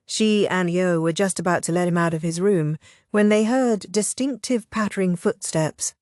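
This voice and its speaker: A woman reading a novel aloud as audiobook narrator, in an even, measured way. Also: lowish voice, no echo, studio quality. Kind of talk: scripted narration.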